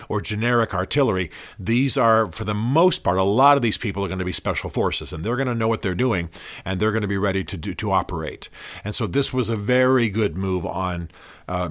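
Man, solo podcast commentary, blunt and opinionated, fairly low voice, dry close sound. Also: a bit bright, no echo. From United States. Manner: blunt, opinionated, conversational with fillers. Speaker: podcast host.

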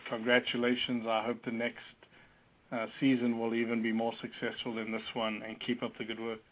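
A man who is a doctor, guesting on a radio talk show, gently self-deprecating. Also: mid-range voice, monotone, a little fast. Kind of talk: casual radio chat. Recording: tinny phone line.

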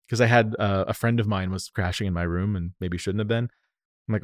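A man from the United States, a company founder, telling stories in an animated, lively way during a casual interview. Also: fairly low pitch, a little fast, no echo, studio quality. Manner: animated, lively storyteller who acts out quotes.

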